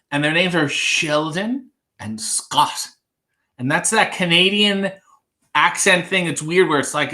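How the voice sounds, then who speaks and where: Chatty, bright-voiced young male streamer. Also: a little high. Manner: chatty, wry, rambling. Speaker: livestream host. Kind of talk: casual live chat reading viewer comments.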